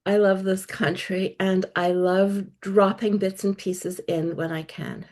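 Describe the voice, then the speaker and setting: A woman's voice: mid-range voice, level tone, unhurried, darkish tone. A middle-aged woman guest author talking about her work in a podcast interview, articulate and enthusiastic. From South Africa.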